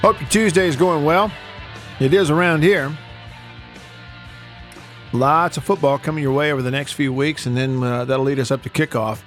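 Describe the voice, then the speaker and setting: A man hosting a casual sports radio show from a studio, chatty and quick to laugh. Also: a little high, faint music behind. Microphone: studio microphone.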